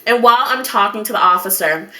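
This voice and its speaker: A young woman vlogger telling a dramatic story in an animated, over-the-top way, swearing now and then. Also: mid-range voice, quick pace. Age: young adult.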